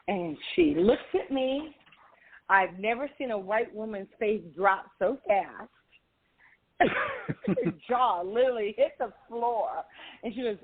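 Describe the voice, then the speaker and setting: Guest, woman in her 40s, Valley girl sound, lively raconteur, tinny phone-line audio. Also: mid-range voice, slightly rough. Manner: animated, laughing storyteller with a Valley girl way of talking. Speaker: podcast guest. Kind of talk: storytelling in a casual interview.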